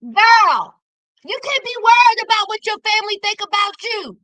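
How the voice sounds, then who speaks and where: A woman hosting a casual TV recap, sassy and animated, talking straight to her viewers. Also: very high-pitched, normal speed, dry recording. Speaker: recap show host.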